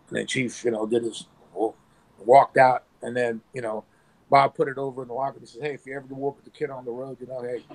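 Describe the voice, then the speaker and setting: A former pro wrestler telling animated stories with sound effects, talking on his phone from work. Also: mid-range voice, low-quality recording. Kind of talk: casual storytelling.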